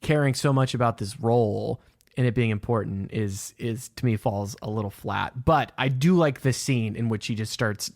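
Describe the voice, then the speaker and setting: A man co-hosting a podcast, giving quick, opinionated takes on a film and laughing often. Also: mid-range voice, darkish tone, no echo, studio quality. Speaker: podcast co-host. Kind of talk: casual film discussion.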